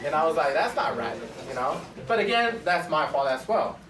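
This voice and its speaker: Barbershop owner teaching students, storyteller type, slightly high voice, off-mic in a roomy space. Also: male voice, sing-song, normal speed, crowd noise. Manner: chatty storyteller, acts out both sides of conversations. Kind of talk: casual classroom talk with anecdotes. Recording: echoey room from a distance.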